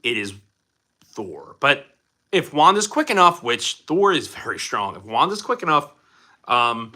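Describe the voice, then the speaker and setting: A man's voice: medium pitch, sing-song, unhurried, bright, forceful tone. A young man hosting a casual live stream from his home, joking as he answers chat questions.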